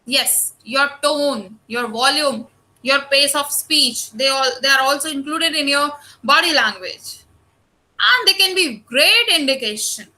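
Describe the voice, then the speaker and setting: A woman teacher with an Indian English accent giving an online lecture, explaining slowly and addressing her students often. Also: sits high, pushed and bright, poor audio.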